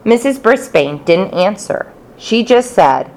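Woman audiobook narrator, low voice with fry, very animated. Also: measured pace. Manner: expressive, playful character voices. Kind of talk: first-person storybook narration.

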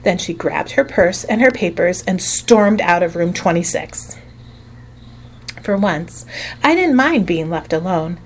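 A woman reading a children's storybook aloud in an expressive storytelling way. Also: fairly low pitch, slow pace, slight background noise. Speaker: narrator. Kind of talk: audiobook narration.

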